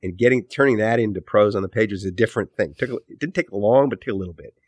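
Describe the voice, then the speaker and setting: In a casual interview, this author and podcast host rambles in a thoughtful way and frequently fixes his wording mid-sentence. He talks fast in a voice on the low side, with no room sound.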